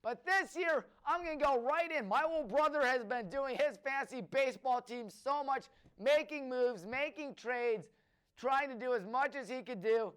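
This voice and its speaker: A man's voice: very high voice, moderate pace, fairly bright tone, clear, resonant tone. A man hosting a solo sports talk show, eagerly listing names with frequent fillers. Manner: enthusiastic, rattles off lists of names with fillers. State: out of breath.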